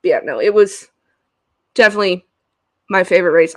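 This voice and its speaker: A woman's voice: mid-range voice, lively intonation, brisk, long pauses, sharp tone, no room sound. Gushing young woman co-hosting, dry sound. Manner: gushing, laughs often, quotes people in voices. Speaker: podcast co-host. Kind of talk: casual chat.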